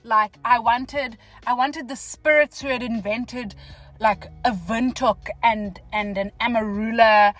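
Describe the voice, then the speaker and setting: A young South African woman telling a story from her car, casual and animated, jumping between whispers and loud exclamations. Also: on the high side, slow pace, faint music behind, poor audio. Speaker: vlogger. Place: parked car.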